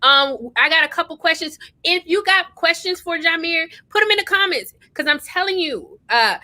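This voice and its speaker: A middle-aged woman hosting a livestream, reading out viewer comments, excitable and effusive, laughing often. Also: extremely high pitch, moderate pace. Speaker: host.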